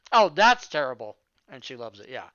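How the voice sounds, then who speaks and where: Joking man in his fifties, crisp voice. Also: on the high side, pushed and bright, no echo, lo-fi sound. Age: 50s. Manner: joking, laughs often. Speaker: player. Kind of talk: casual banter at the table.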